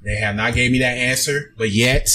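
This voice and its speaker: A man telling a loud, profane, comedic rant to his friends, swearing constantly and laughing as he talks. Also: medium pitch, moderate pace. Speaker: host ranting to co-hosts. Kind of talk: profane comedic rant, casual group chat.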